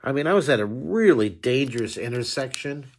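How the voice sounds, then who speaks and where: A man's voice: medium pitch, expressive, fairly quick, a little hiss or hum. Chatty middle-aged male drawing teacher. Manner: chatty, rambling, with frequent restarts; friendly, talks straight to viewers. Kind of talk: live-stream chat with viewers.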